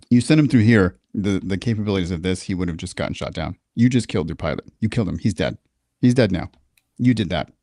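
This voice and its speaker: Low-voiced, profane man telling war stories. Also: gravelly, dry recording, studio quality. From Texas. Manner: profane, candid, animated storyteller with frequent restarts. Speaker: podcast guest, military veteran. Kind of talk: casual storytelling interview.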